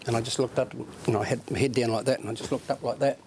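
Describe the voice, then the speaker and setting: A former footballer recalling a nerve-filled moment in an interview, in a halting, reflective way. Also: male voice, medium pitch, fairly even intonation, darkish tone, a little hiss or hum. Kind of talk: retrospective interview.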